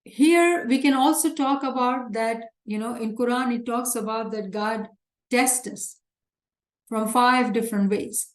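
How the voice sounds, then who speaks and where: In an unhurried way, a woman with a voice on the high side explains scripture, and the sound is reverberant. Her religious teaching is earnest and emphatic, with frequent repetition of key points.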